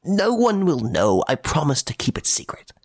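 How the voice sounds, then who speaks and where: Man putting on a shrill, frantic old baron. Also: wildly swooping pitch, moderate pace, breathy edge, dry recording, studio quality, heavily acted. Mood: pleading. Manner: shrill, pleading, agitated. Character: anxious rich old male baron, frantic. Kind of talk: audiobook character voice.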